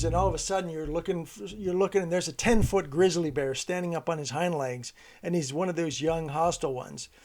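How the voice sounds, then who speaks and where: A man's voice: fairly high pitch, a little mellow. Man telling a grammar story. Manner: storytelling teacher, loose and conversational, with many restarts. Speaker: teacher. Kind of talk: homeschool grammar lesson.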